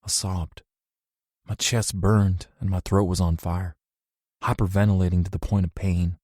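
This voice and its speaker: A man reading first-person scripted narration in a measured, emotional way. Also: deep voice, little pitch movement, darkish tone, breathy edge, dry recording, studio quality. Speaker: audiobook narrator.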